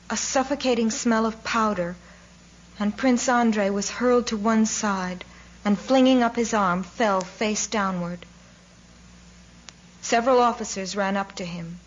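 Woman narrating a novel, measured. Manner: measured, voicing characters' cries with raised pitch. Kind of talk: scripted audiobook narration. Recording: slightly dull recording with faint noise.

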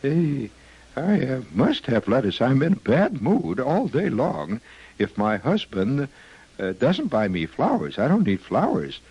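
A man voicing a middle-aged mother who is obsessed with lettuce and speaks in a high, sing-song, gushing voice. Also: huge pitch swings, measured pace, husky, no room sound, dull audio, heavily acted.

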